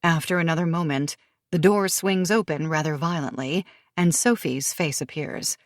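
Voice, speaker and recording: A woman narrating a thriller audiobook in a steady, measured way, recorded close to the mic. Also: low voice, dry recording.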